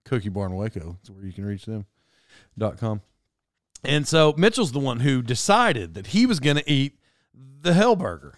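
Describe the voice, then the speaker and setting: A young man telling a casual story, talking fast and animatedly, cutting himself off and drifting into side notes. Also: medium pitch, dry recording, clean studio sound. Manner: animated, self-interrupting. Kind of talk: casual anecdote monologue.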